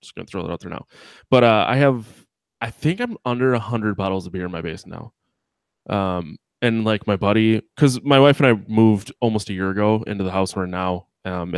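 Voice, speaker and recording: A man from Wisconsin with a Wisconsin accent hosts a casual podcast chat. He talks in a low voice, full of profanity and rambling asides. The sound is dry and close. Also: no room sound. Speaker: podcast host.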